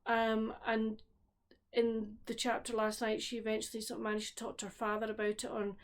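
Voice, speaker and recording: A woman's voice: on the high side, completely flat delivery, fairly quick. A woman with a Scottish accent chatting casually about her week as a book vlogger, rambling and often breaking off to restart her sentences. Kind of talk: casual chat. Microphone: solo camera recording at home.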